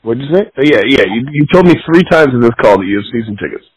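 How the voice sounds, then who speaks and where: A man's voice: mid-range voice, animated, fast, slightly rough, no room sound, rough recording. A man chatting casually about fantasy football, teasing and laughing a lot. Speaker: podcast co-host.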